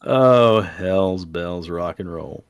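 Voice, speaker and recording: A man's voice: deep voice, very slow, clean tone. A man hosting a podcast, telling folklore tales in a playful, dramatic way. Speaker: podcast host. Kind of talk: storytelling podcast chat.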